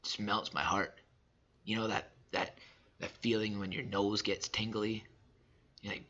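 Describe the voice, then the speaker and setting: A man in his thirties delivering a personal motivational monologue, emphatic and repetitive, swinging between loud and soft. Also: fairly low pitch, fairly even intonation, measured pace, pauses often, lo-fi sound. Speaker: father sharing reflections.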